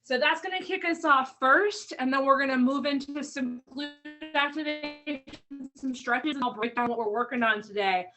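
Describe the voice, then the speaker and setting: A woman's voice: high-pitched, normal speed, far from the mic, over music, poor audio. A woman fitness coach leading an online workout class, cueing moves and counting down reps while a little out of breath. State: slightly out of breath. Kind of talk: live online workout instruction.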